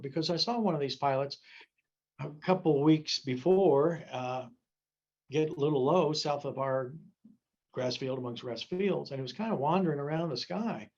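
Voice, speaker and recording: A man's voice: fairly high pitch, normal speed, darkish tone, highs cut off. A man in his seventies giving a gliding safety talk, telling folksy, joking stories to a club audience. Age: 70s.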